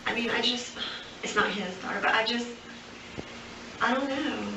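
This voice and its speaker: A woman giving a recorded statement to police, rambling on without pause and full of fillers. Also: on the high side, gravelly. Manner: rambling nonstop, many fillers. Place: police interview room. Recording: echoey, distant, noisy interview room recording.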